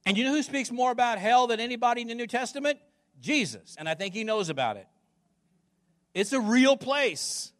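A man preaching a sermon as pastor, emphatic, repeating words and putting questions to the congregation. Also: sits high.

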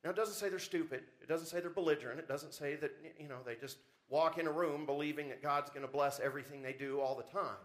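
A man's voice: on the high side, fairly even intonation, fast talker, hardly any pauses. A man preaching a sermon as pastor, with rising emphasis and frequent rhetorical questions to the congregation. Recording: church service audio recording.

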